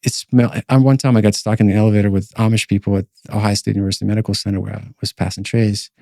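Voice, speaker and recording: A man's voice: lowish voice, flat delivery, rapid-fire, gravelly, warm tone, dry recording, clean studio sound. A man co-hosting a podcast, recounting a personal dream as a testimony in a rambling way, full of fillers and restarts. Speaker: podcast co-host.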